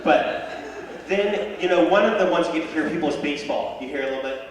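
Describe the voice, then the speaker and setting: A young man performs stand-up comedy with a slightly high voice, telling animated stories and jumping into yelled high character lines. He sounds distant from the mic in a big echoey hall, with a clear audience murmur behind him. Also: quick pace, a crowd in the background. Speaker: stand-up comedian and high school tennis coach. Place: high school auditorium with live audience.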